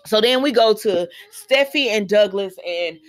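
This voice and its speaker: A woman hosting a casual soap opera recap, chatty, retelling scenes with quick quoted voices and sassy asides. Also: mid-range voice, animated.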